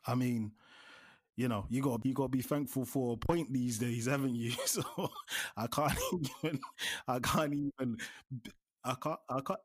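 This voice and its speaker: A man, a guest on a football fan podcast, talking in an animated, exasperated way. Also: medium pitch, normal speed, no echo. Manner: animated, exasperated, says bruv a lot. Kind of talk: heated fan podcast rant.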